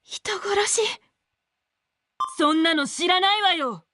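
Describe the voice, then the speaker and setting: A woman's voice: very high-pitched, moderate pace, pushed and bright, dry recording, studio quality. An actress voicing a suspicious, defensive young woman who hoards jewels in a game. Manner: defensive and flustered.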